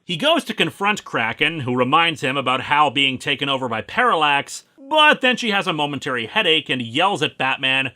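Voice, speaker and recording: A man narrates a comic book review with a steady stream of wry, sarcastic asides. His voice is strikingly bright and sharp, sitting a little high, and it moves around animatedly. He has the relaxed, practiced flow of a regular host. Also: normal speed, hardly any pauses.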